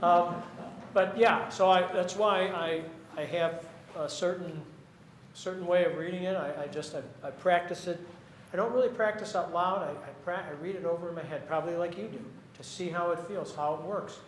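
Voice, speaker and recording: Chatty high-voiced man in an echoey room. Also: slight background noise. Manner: chatty, halting, restarts mid-sentence. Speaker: poet reading his work. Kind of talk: audience Q&A after a reading. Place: lecture room with an audience.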